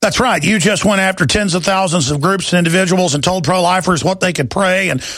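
A man's voice: high-pitched, brisk, a bit bright, no echo. A man hosting a talk show, ranting furiously and hurling insults. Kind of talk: angry talk show rant.

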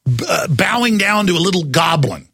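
A man's voice: high-pitched, sing-song, normal speed, creaky, pushed and bright, husky, no echo, studio quality, soft background music. A man hosting a talk radio show, ranting in a mocking, grotesque way and laughing often. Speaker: radio host taking calls.

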